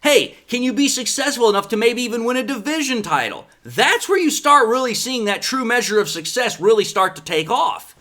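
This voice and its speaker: Animated, bright-voiced sports talk man. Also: very high-pitched, fairly quick, hardly any pauses. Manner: sarcastic, animated, rhetorical questions. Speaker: sports podcast host. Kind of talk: opinionated sports commentary.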